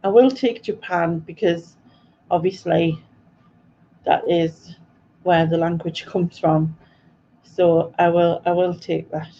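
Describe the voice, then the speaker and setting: A woman's voice: lowish voice, fairly even intonation, slow pace, long pauses, mellow, slight background noise. A woman hosting a live quiz stream in a chatty, giggly way, reading out viewers' answers. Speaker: quiz host. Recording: dull lo-fi stream audio with faint ambience.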